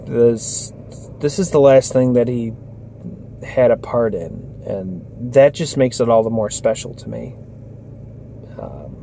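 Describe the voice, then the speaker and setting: A tired, worn-out young man vlogs casually into his phone camera, rambling with plenty of fillers and restarts. His voice is mid-range and warm, with a little hiss or hum in the recording.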